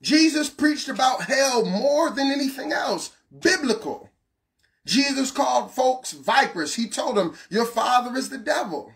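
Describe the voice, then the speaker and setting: A man preaching a passionate sermon, asking the listener questions and shouting some lines. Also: extremely high pitch, expressive, unhurried, creaky, few pauses. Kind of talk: fiery street-style sermon.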